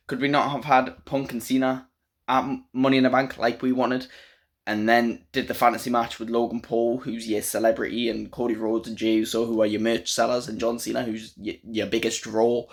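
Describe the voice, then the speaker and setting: A man in the middle of a pitched voice, talking through a show recap in a loose, unscripted way. He is strongly opinionated and given to ranting, and he fills his sentences with "um" and "like". The tone stays casual rather than polished. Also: fairly bright tone. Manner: opinionated, ranting, with frequent fillers. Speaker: wrestling show reviewer. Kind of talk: casual spoken review.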